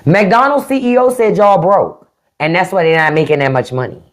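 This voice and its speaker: A middle-aged woman from the DC area, with the accent to match, hosts a casual live stream and speaks bluntly with plenty of swearing. Her lowish voice moves at normal speed, and slight background noise comes through her phone or desk mic. She's a podcast host, animated and profane.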